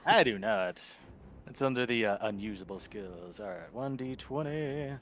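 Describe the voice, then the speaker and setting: A man playing a tabletop game, relaxed and casual as he reads out his dice rolls. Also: medium pitch, normal speed, creaky, slight background noise. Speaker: player.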